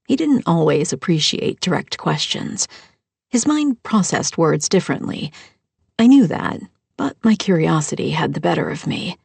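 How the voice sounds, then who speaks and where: Lady reading a cozy audiobook, raspy gravelly voice, dry. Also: low voice, sing-song, moderate pace, darkish tone, no room sound. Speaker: audiobook narrator. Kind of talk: first-person audiobook narration.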